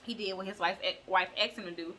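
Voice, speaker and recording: A woman vlogger retells scripture in a loose, chatty way, full of slang and side comments. Her voice is bright and clear at a middle pitch. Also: fairly even intonation, fast talker, slight background noise. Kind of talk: casual bible retelling.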